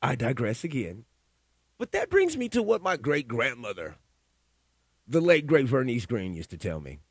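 Man, podcast host, casual monologue, gravelly, dry close sound, profane storytelling. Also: medium pitch, wildly swooping pitch, moderate pace, no room sound. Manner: profane, rambling, opinionated storytelling.

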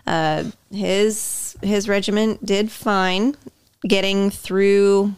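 A woman co-hosting a casual podcast, telling a researched story in an unhurried, amused way. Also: mid-range voice, steady tone, smooth. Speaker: podcast co-host.

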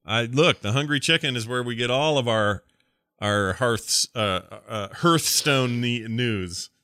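A man hosting a podcast, chatting casually, relaxed and rambling with easy laughs. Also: medium pitch, measured pace, no room sound, clean studio sound. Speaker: podcast host.

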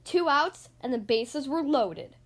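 A woman hosting a podcast, reading a children's picture book aloud in an expressive, sing-song storytelling voice. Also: high-pitched, slow.

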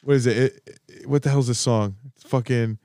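A man co-hosting a casual chat, telling stories in a profane, animated way. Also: medium pitch, normal speed, no echo.

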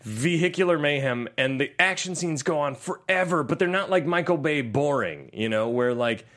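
A man co-hosting a podcast, chatting enthusiastically and rambling through a movie review with quick asides. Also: a little high, lively intonation, fairly bright tone. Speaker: podcast co-host. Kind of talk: casual movie-review chat.

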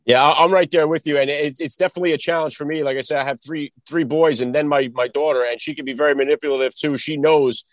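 Male host, quick and slightly high, stumbling starts, dry close sound. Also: fairly even intonation, dry recording. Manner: quick, repeats words when starting questions. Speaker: podcast host. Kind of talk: casual interview.

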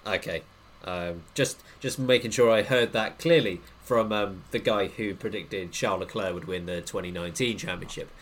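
A man's voice: deep voice, moderate pace, fairly bright tone, slight background noise. A man hosting a podcast, putting questions to his co-hosts in a wry, teasing way. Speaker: podcast host. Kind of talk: casual podcast chat.

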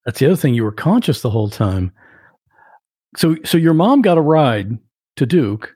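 A man hosting a podcast interview, asking calm follow-up questions. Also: mid-range voice, moderate pace, no echo, clean studio sound. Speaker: podcast host.

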